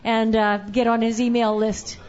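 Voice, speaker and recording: A woman's voice: fairly high pitch, level tone, moderate pace, a little mellow, lo-fi sound. A woman emceeing a songwriters' night, introducing people and chatting casually and teasingly from the stage.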